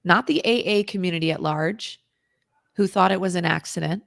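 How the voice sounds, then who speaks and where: A woman, a guest on an interview show, telling an intense personal story in a vivid, dramatic way, at times dropping to a hushed whisper. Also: lowish voice, normal speed, vocal fry, no echo, clean studio sound. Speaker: interview guest, recovery author.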